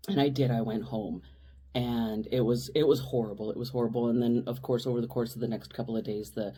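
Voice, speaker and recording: A woman's voice: very deep voice, fairly even intonation, a little fast, mellow, slightly rough. Rambling woman telling a story. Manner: rambling, with frequent restarts and asides. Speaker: podcast co-host. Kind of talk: casual storytelling chat.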